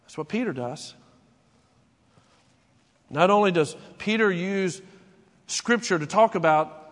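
A man's voice: high-pitched, expressive, takes it slowly, long pauses, fairly bright tone, big-room sound. A man preaching a conversational sermon as pastor, asking rhetorical questions and acting out imagined conversations. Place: church sanctuary.

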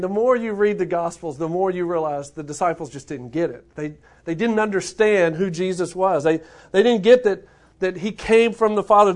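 A man preaches to his congregation in a notably high voice. He reads scripture, then talks it through earnestly, often doubling back on his words. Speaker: pastor. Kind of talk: sermon.

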